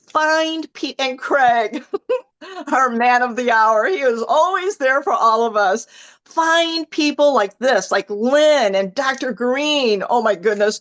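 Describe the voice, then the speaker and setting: Enthusiastic, slightly hoarse woman on a video call. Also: a little high, a bit bright, rough recording. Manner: enthusiastic, chatty, gushing. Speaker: team leader. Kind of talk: motivational team call.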